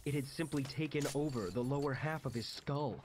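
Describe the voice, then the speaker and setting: A man narrating a first-person horror story dramatically, shouting out the quoted lines. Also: mid-range voice, a little fast. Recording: loud gunfire noise behind the voice.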